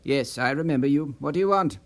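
A man's voice: a little high, brisk, natural voice. A man voicing a stern, suspicious male agency chief who speaks in curt, commanding phrases.

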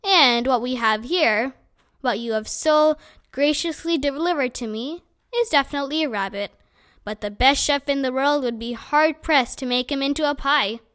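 A woman voicing a big bearded wandering man who speaks in a gentle, courtly, playful way in a storybook reading. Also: high voice, normal speed. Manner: courtly, playful, formal wording.

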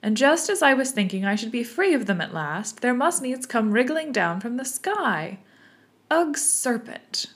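A woman voicing a fretful, shrill female pigeon in a storybook reading, scolding and scornful. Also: big pitch swings, a little slow. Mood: aggrieved.

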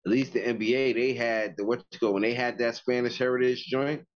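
A man's voice: mid-range voice, steady tone, a little fast, lo-fi sound. A man co-hosting a casual podcast, talking in slangy, emphatic bursts. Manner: slangy, emphatic, keeps saying "yo, listen". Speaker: podcast co-host. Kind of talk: casual chat.

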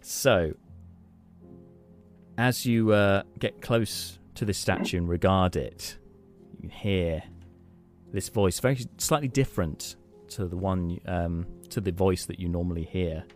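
A man's voice: low voice, slow pace, soft background music. A man narrating as game master in a tabletop role-playing session, casual with many fillers.

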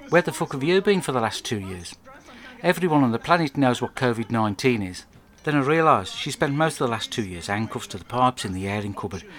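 A blunt, foul-mouthed man rambles through a deadpan comic video diary. His voice sits at an ordinary middle pitch, close to the mic in a quiet room at home. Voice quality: crude, blunt, rambling storyteller. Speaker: comic monologue narrator.

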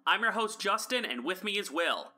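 A man hosting a podcast in casual chat, chatty, with frequent restarts and quick asides. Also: sits high, very animated, bright, forceful tone. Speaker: podcast host.

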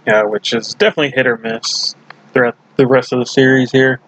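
A man's voice: medium pitch, a little fast, poor audio. A man co-hosting a podcast, chatting casually about a sitcom episode and laughing now and then. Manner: relaxed, laughs often, recounts scenes. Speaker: podcast co-host. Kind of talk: casual episode recap chat.

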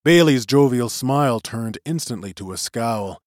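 A man narrating a chapter of a novel in an expressive storytelling voice. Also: mid-range voice, measured pace, few pauses, no room sound, studio quality. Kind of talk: audiobook narration.

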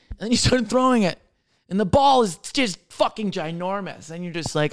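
Man, 30s, comedian hosting a podcast; smooth, clear voice, swears a lot, rambles in a jokey way. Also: high-pitched, fast. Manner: profane, jokey, rambling, jumping between loud and mumbled. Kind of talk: casual rambling monologue.

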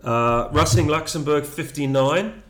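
A man co-hosting a casual sports chat, reading scores and halting over place names. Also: a little high, a little hiss or hum. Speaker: co-host reading sports results. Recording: echoey room.

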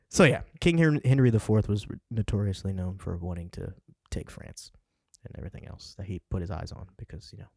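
A man's voice: fairly low pitch, normal speed, creaky, darkish tone, husky, no room sound, studio quality. A man in his twenties co-hosting a podcast, chatting in a loose, rambling way with plenty of swearing. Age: 20s. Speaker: podcast co-host. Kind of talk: casual chat. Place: indoors by a window.

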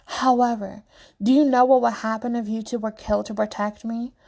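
A woman's voice: a little high, steady tone, fairly quick, gravelly, darkish tone. A woman voicing a shaken but stubborn young man mage who insists on staying to fight. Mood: insistent. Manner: earnest, insistent.

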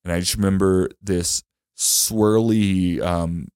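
A man's voice: low voice, steady tone, slow pace, darkish tone, clean tone, no echo, studio quality. A young man as a podcast guest, telling a personal story in casual chat, rambling and emotional with many fillers and restarts.

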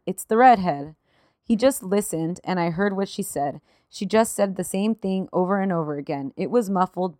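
Emotional and profane, this woman co-hosts a podcast and tells a story from notes amid casual chat, laughing even as she cries. Her voice sits on the low side and sounds mellow, captured dry with clean studio sound.

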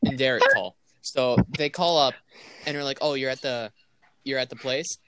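A man's voice: medium pitch, normal speed, a loud crowd. A young man, a podcast co-host, rambling through a funny story in casual chat, quoting his friends and often breaking into laughter. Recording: noisy home recording.

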